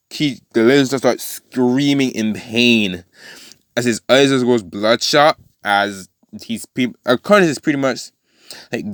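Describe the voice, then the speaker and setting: A man tells a fan-made story in a loose, rambling way, stopping and restarting often. His voice sits at an ordinary middle pitch. The sound is dry and close, with no room echo. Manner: rambling, full of fillers and restarts. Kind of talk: casual retelling of a fan story.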